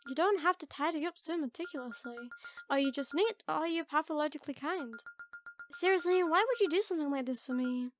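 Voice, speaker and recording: A woman voicing a soft-spoken young female murder suspect, gentle and eerie, reading a visual novel aloud in a quiet, hesitant way. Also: high-pitched, fairly quick, faint music behind, close to an everyday voice. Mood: shy.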